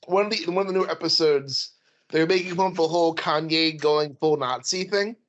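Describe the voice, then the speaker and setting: Chill podcast cohost, middle pitch, rambly and laughy. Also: brisk, lo-fi sound. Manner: laid-back, laughing, rambling. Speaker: podcast co-host. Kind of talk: casual chat.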